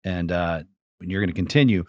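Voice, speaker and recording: A man with a very deep voice hosts a podcast, breaking in with relaxed, thoughtful remarks. He speaks casually, and the recording is dry, with no echo. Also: moderate pace. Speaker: podcast host. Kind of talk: casual interview chat.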